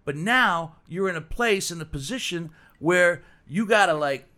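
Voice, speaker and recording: Bright-voiced rambling interviewer. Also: male voice, high voice, animated. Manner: rambling, repeats words, draws out questions slowly. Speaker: podcast host. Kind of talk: interview questioning.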